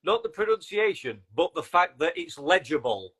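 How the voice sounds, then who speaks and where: A man's voice: fairly high pitch, big pitch swings, moderate pace, crowd noise. A man hosting a casual podcast chat, joking and laughing often with his guests. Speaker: podcast host.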